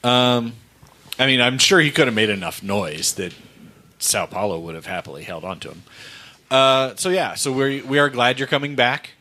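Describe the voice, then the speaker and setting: Bright-voiced man in his forties, laid-back. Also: mid-range voice, expressive, normal speed. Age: 40s. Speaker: podcast co-host. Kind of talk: casual podcast chat.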